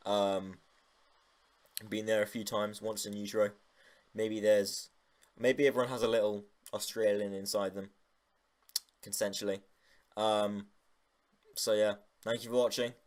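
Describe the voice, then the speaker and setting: A man's voice: on the low side, little pitch movement, unhurried, long pauses. A young man making a casual vlog, rambling and joking with lots of swearing. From United Kingdom. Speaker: YouTuber.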